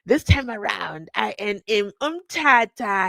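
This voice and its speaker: A woman's voice: mid-range voice, animated, measured pace, creaky, few pauses, a bit bright, no echo. A woman hosting a true crime live stream, chatting casually, reading viewer comments and laughing often with mock-incredulous questions. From South Africa. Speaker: true crime channel host.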